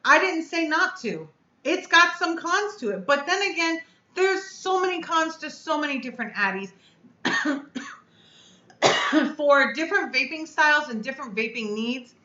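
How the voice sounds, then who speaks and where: A high, bright-voiced woman hosts her own live stream and vents bluntly, upset and cursing. The sound is dull and lo-fi, with an echoey room around her. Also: lively intonation, unhurried, pauses often. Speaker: vape reviewer and channel host.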